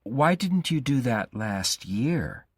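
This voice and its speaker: Man voicing an obsessive young male stalker, raised pitch, pleading and threatening, storybook reading, breathy. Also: sing-song, slow pace, dry recording, studio quality, heavily acted. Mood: insistent.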